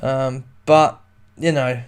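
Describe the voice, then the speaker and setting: A man co-hosting a casual gaming podcast, easygoing and quick to laugh. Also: mid-range voice, flat delivery, clean tone. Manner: easygoing, laughs easily, loose phrasing. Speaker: podcast co-host.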